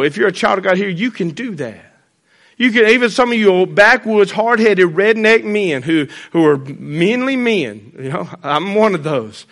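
A pastor preaching a sermon in church, blunt and folksy with joking asides. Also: male voice, high voice, fairly bright tone.

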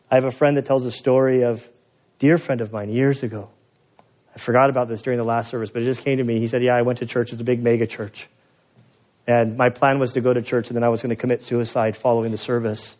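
A man's voice: medium pitch, a little mellow, highs cut off. A man preaching a sermon as pastor, conversational and storytelling, building to emphatic peaks. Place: church sanctuary.

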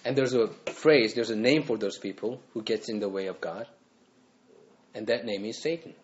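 A man's voice: fairly low pitch, normal speed, muffled recording, slight background noise. A male pastor preaching a sermon, earnest, pressing his listeners with repeated questions.

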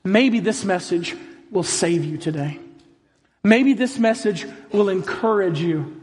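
A man's voice: high voice, slow pace, darkish tone. A man preaching a sermon to a congregation, speaking emphatically and putting questions to the crowd. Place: large hall with congregation. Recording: long hall reverb.

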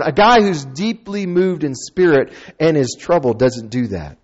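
A man preaching a sermon as a pastor, conversational and animated, with playful asides and acted-out quotes. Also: fairly high pitch, moderate pace, hardly any pauses, highs cut off.

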